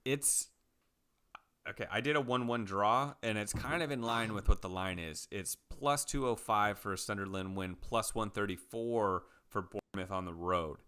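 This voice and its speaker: A man co-hosting a podcast, chatting casually about soccer picks and betting odds, relaxed and rambling with fillers. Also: on the low side, normal speed, smooth. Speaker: podcast co-host. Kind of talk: casual sports betting chat.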